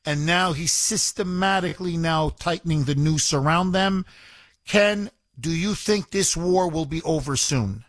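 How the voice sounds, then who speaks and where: A man with a high voice hosts a call-in talk radio show, pressing his points hard and repeating words for stress. His voice sits close and dry on the studio mic, with no room sound around it. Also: unhurried, a bit bright, no room sound.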